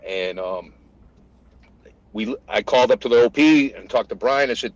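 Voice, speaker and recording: A retired American master sergeant, a man, retelling combat stories in casual conversation and acting out the shouted lines. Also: medium pitch, normal speed, pauses often, no room sound, dull audio. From United States. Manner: animated retelling, acts out shouted quotes. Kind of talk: conversational war storytelling.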